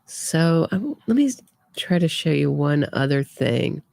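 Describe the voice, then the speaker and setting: A woman's voice: low-pitched, big pitch swings, unhurried, gravelly, a little mellow, no room sound. A woman hosting a true crime commentary, talking casually and sarcastically with frequent restarts. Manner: opinionated, sarcastic, trailing restarts.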